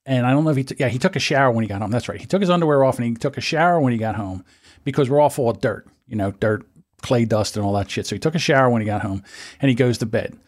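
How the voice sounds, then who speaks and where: A man, co-host of a podcast, telling stories in an animated, profane, casual way. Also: mid-range voice, racing. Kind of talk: casual chat.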